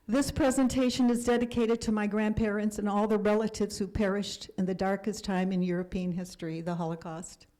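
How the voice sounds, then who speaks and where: A woman in her seventies giving a talk about her life, speaking earnestly and sometimes dropping to a hush for emphasis. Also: medium pitch, fairly even intonation, a little fast, few pauses, poor audio. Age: 70s. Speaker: guest speaker. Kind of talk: personal storytelling lecture.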